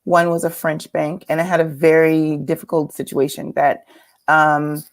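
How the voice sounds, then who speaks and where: A woman's voice: sits low, flat delivery, moderate pace. Earnest woman telling her story. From California, United States. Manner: reflective, earnest, with some laughter. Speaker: guest speaker. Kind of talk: personal storytelling talk.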